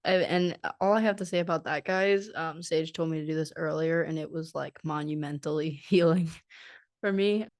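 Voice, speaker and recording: A woman's voice: low-pitched, normal speed, dry recording, clean studio sound. A woman co-hosting a podcast, chiming in with short agreements and telling her own stories casually. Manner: short agreeing interjections, relaxed. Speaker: podcast co-host. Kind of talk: casual spiritual chat.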